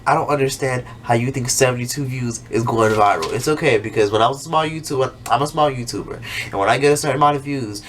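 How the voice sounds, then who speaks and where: A man's voice: medium pitch, fast, fairly bright tone. A man in the middle of his range talks through an episode in a loose, profane way, like a YouTuber chatting straight to his viewers. He keeps jumping into exaggerated voices to mimic the characters, and a faint hum of room ambience sits behind him. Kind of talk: casual, profane recap monologue.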